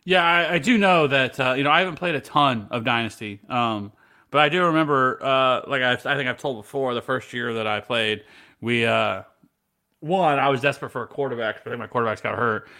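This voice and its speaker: A man co-hosting a fantasy sports podcast, talking casually with lots of swearing and animated storytelling. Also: medium pitch, a little fast. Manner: animated and profane, swears freely. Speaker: podcast co-host.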